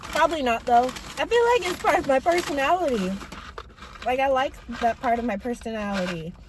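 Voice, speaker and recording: A woman's voice: sits high, animated, fairly quick, noisy background. Chatty young woman vlogging while eating. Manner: chatty, self-mocking, talks with mouth full. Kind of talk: casual rambling vlog while eating.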